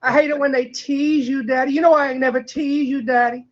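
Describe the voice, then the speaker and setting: A woman's voice: high voice, fairly even intonation, a little fast, dull audio, natural voice. A woman voicing a brash, flirty female pig in a wig in a game role-play, clingy and calling everyone daddy. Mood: teasing.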